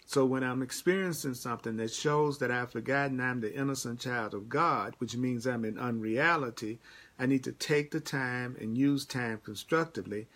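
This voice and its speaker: His voice sits at a medium pitch and sounds a bit bright. On a live stream, he delivers a spiritual teaching and addresses commenters by name. He is emphatic and repetitive, restating key phrases.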